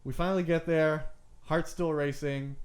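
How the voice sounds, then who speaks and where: A man's voice: on the high side, fairly even intonation, moderate pace, a little mellow. A man co-hosting a podcast, telling a long story in casual chat, rambling with lots of "like" and casual swearing. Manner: rambling, full of "like" and "I'm like"; swears casually, says "bro". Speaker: podcast co-host.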